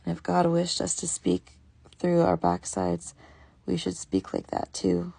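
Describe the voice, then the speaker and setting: A woman's voice: on the low side, sing-song, measured pace, gravelly, dark tone, breathy edge, dry recording, heavily acted. A woman reading aloud voices a wry male companion who jokes crudely. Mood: mocking.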